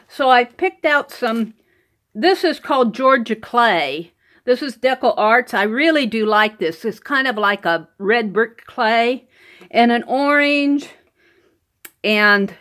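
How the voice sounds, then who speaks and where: A woman's voice: high voice, a bit bright. A woman hosting a live art stream, chatting casually while she paints, laughing often and greeting viewers by name. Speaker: art livestream host. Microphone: computer mic over wireless connection.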